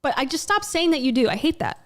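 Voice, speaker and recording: A woman's voice: high voice, animated, fast talker. A woman giving blunt, sarcastic reaction commentary on a clip she is playing. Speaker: commentary YouTuber.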